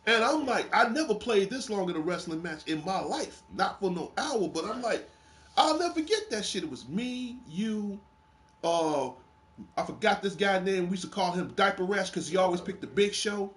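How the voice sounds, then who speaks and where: In a high voice at a moderate pace, a gaming show host swaps wrestling game stories in a casual chat. He tells them with animation, laughing heavily and swearing freely.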